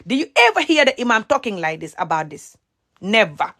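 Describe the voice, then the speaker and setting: A woman's voice: on the high side, very animated, a little fast, sharp tone. A woman in an impassioned vlog rant, emphatic and repetitive, switching between English and Mandinka. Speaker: social media commentator.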